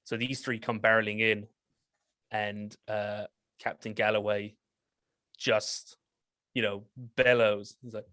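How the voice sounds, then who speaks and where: A man's voice: on the low side, flat delivery, takes it slowly, pauses often, pushed and bright, dry recording. A man narrating as game master of a tabletop game, rambling with many fillers and frequent laughs.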